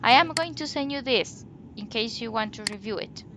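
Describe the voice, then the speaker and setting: A woman teaching an online English lesson, speaking slowly and deliberately and exaggerating rising and falling intonation in her examples. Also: on the high side, background noise.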